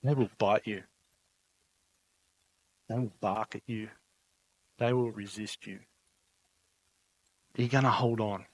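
A man's voice: fairly low pitch, fairly even intonation, slow pace, long pauses. A man preaching a sermon, telling stories in an emphatic, conversational way and often asking "right?". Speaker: pastor.

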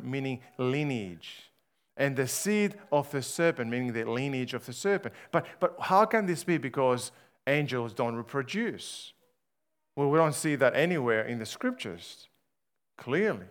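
A man preaching a sermon, slow and emphatic, swinging between loud rhetorical questions and hushed, low passages. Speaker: pastor.

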